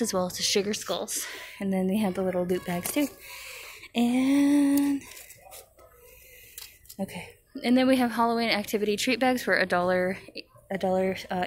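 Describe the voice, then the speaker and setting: A woman's voice: medium pitch, a little hiss or hum. A woman narrating a casual walkthrough of store shelves, reading out prices and cooing over cute items. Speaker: shopping vlogger. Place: large retail store aisle.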